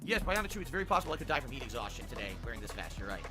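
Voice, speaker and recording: A man live-streaming a game, reading chat aloud and exclaiming loudly while he plays. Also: mid-range voice, very fast, loud music behind the voice. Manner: excitable, loud exclamations while playing.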